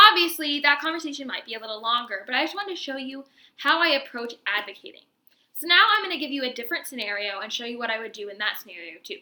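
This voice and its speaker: An upbeat woman explains things casually, walking the viewer through steps. Her voice is high and sharply bright, and her lively delivery carries a roomy echo. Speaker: video creator and learning-disability advocate.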